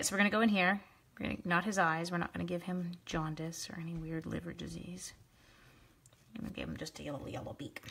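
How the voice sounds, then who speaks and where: A chatty woman from Canada talks viewers through her card-making on a live stream, teasing herself over every little slip. Her voice sits at an ordinary middle pitch. A faint hiss runs under the recording. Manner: chatty, self-deprecating, talks to viewers while working. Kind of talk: live crafting stream chat.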